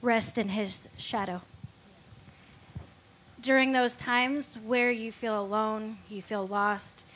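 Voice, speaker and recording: A woman's voice: on the high side, steady tone, takes it slowly, fairly bright tone. A woman giving a candid, reflective faith testimony as a guest on a Christian talk show.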